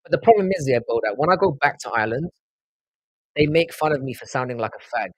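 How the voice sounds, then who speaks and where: Husky South London man rambling on stream. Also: medium pitch, animated, quick pace, no room sound, poor audio. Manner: rambling, profane banter, answers viewers' chat. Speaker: livestream host. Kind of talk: casual live-stream chat.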